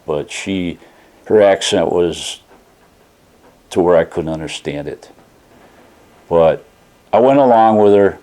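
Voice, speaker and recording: A man with a deep, mellow voice reviews a product he bought while telling a casual story. His folksy telling rambles as he retells a phone call.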